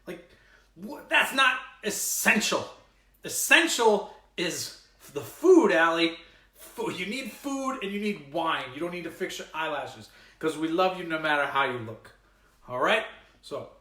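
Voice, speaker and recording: A man hosting a casual home cooking show, excitable, exclaiming and laughing often as he chats to viewers in his kitchen. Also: a little high, a little slow, echoey room. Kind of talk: casual cooking livestream chat.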